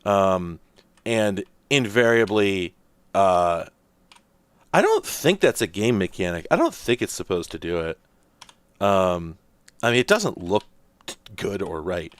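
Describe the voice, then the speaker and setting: A man's voice: low voice, very animated, slow pace, pauses often, clean tone, no room sound. A man hosting a casual let's-play, rambling and thinking aloud with lots of fillers as he plays. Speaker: host.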